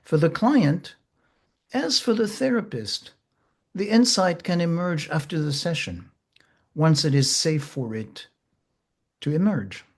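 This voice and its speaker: A man teaches therapy in an unhurried, thoughtful way. His voice sits a little higher than most men's, and he takes his time, easing in fillers and pauses as he goes. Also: expressive. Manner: slow, gentle, measured with pauses and fillers. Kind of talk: reflective teaching talk.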